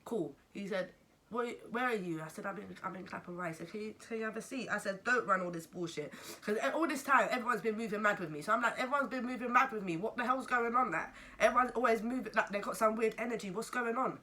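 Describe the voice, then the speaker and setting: A young woman with a London accent, telling a story to camera in a casual, animated way and swearing freely. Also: mid-range voice, fast talker. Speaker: vlogger.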